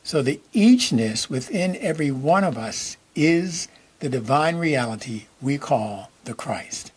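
A man preaching a sermon as minister, repeating key phrases slowly and checking in with his listeners. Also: fairly high pitch, very animated, breathy edge.

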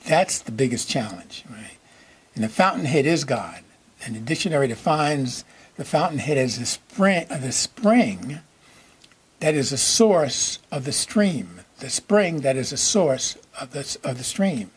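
Very husky man giving a gentle sermon. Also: medium pitch. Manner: repeats phrases slowly, checks in with "okay?". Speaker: minister.

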